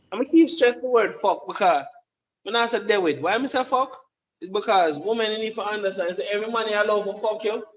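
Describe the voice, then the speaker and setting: A commentator with a Jamaican accent gives an emphatic, preachy opinion monologue, often repeating his words. His voice sits high with a fairly bright tone, and the sound is lo-fi.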